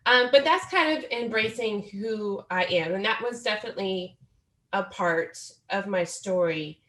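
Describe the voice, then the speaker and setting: A woman in her forties speaks as a guest on a podcast interview. She talks in an earnest, reflective way, at a middle pitch. The recording has a roomy echo. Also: measured pace, a bit bright. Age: 40s. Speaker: guest author.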